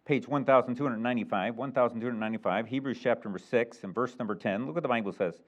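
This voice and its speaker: A middle-aged man preaching a sermon as a pastor, animated and emphatic, chuckling now and then. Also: mid-range voice, very fast. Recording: muffled lo-fi recording.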